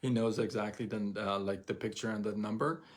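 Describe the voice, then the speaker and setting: Rambling, animated man on a livestream. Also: lowish voice, brisk. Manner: animated, rambling, repeats himself, acts out quotes. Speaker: live show host. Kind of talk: casual motivational livestream talk.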